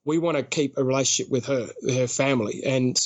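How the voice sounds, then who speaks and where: An Australian man talks casually as a podcast guest, at a mid pitch, and tells his story with energy. He acts out other people's lines in quick bursts and laughs often. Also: fairly even intonation, darkish tone, muffled recording.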